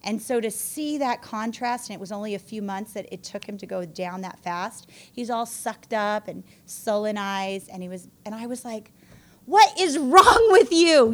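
Woman, adult mother, recovery testimony; candid, self-mocking, slightly high-pitched. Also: a little mellow. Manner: candid, self-mocking storytelling, laughing through it. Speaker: speaker sharing her story at a support group meeting.

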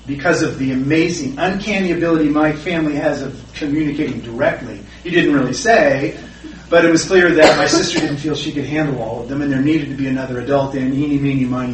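A man's voice: mid-range voice, slight background noise. Self-deprecating storyteller, middle-aged man, recorded from afar with faint room ambience. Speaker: recovery meeting speaker. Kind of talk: personal recovery share. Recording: roomy, distant, faint background ambience.

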